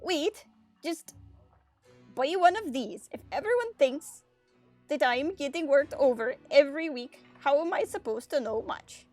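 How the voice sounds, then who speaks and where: A woman voicing a nervous male market trader in a deliberately bad mock Swedish accent, pleading and flustered. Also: sits high, expressive, a little mellow, faint music behind. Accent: mock Swedish accent, done badly.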